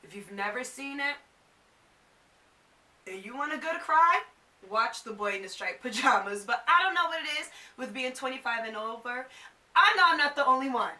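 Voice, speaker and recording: A woman's voice: high voice, expressive, moderate pace, sharp tone, recorded from a distance. A woman in her twenties chatting to camera as a vlogger, casual and full of "like". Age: 20s. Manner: chatty, fills with "like". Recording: echoey room, a bit off mic.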